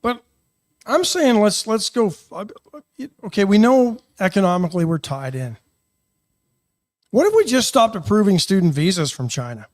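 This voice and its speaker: A man co-hosting a talk radio show, chatting casually and getting animated, often restarting his sentences. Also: high-pitched, normal speed.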